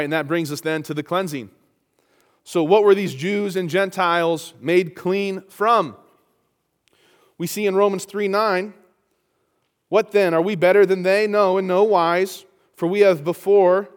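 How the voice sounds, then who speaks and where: A man's voice: sits high, clear, resonant tone. A man preaching a sermon, reading scripture aloud and rising to emphatic peaks. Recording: long hall reverb.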